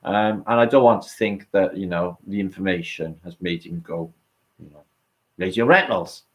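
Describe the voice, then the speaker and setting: Hosting a late-night livestream, a man with a deep voice talks at a normal speed. He rambles and swears while chatting with viewers and answering their comments.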